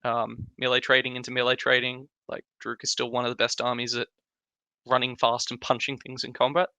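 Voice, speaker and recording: Bright, crisp man telling stories. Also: mid-range voice, brisk, no room sound. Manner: relaxed storytelling with quoted exchanges. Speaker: podcast guest. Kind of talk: casual podcast chat.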